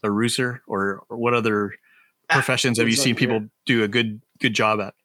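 A male co-host jumps in with quick, eager questions. His voice is bright and forceful. The recording sounds very dry, with almost no room echo. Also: medium pitch, steady tone. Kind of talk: casual interview questions.

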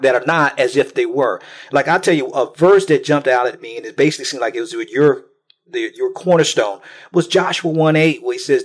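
A man hosting a faith podcast, affirming his guest and quoting scripture with enthusiasm. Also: a little high. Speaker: podcast host.

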